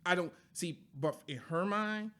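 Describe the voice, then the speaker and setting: A man in casual conversation, telling animated stories about his household and acting out what was said. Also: sits high, measured pace. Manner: animated storytelling, acts out quotes. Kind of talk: casual chat.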